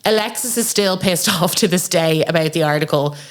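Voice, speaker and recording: A woman's voice: lowish voice, brisk. A woman hosting a podcast, casually and animatedly recapping a reality show. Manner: animated retelling, acts out quotes. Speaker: podcast host. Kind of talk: casual pop culture chat.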